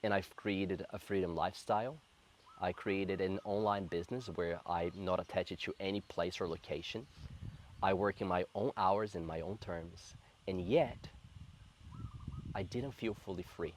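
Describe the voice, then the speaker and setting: Low-voiced earnest man in his thirties. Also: slight background noise. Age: 30s. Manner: earnest, reflective, slow and heartfelt. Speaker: spiritual coach. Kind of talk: personal spiritual storytelling to camera.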